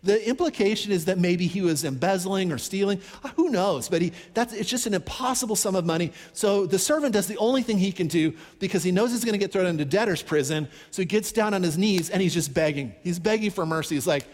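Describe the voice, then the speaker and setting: A man preaching a sermon, telling a Bible story in an animated, conversational way and acting out the characters' pleas. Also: sits high, quick pace, few pauses, long reverb tail. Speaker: pastor.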